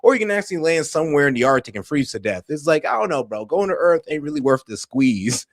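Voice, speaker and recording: A man giving casual, slangy reaction commentary, laughing often and talking in an animated way. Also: mid-range voice, fast, hardly any pauses, no room sound, clean studio sound. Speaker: streamer reacting to clips.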